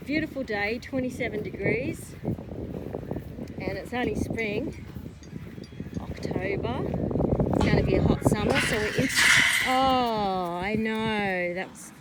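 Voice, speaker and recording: A woman's voice: mid-range voice, takes it slowly, pauses often. A woman, a horse owner, chatting casually outdoors and talking to her horses. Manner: chatty, coos and scolds the horses. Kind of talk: casual chat to camera and to horses. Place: windy rural paddock outdoors. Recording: loud wind noise outdoors.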